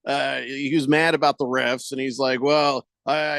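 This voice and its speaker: A man's voice: medium pitch, flat delivery, measured pace, gravelly, few pauses, fairly bright tone, no echo, studio quality. A man hosting a sports radio show, joking and rambling with lots of fillers and restarts. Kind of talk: casual sports talk.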